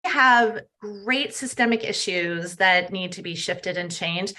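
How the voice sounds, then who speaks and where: A bright, clear-toned middle-aged woman chatting as a podcast guest. She talks earnestly and with animated enthusiasm, bringing humor into the conversation. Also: fairly low pitch, measured pace. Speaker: guest health coach. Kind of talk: casual interview chat.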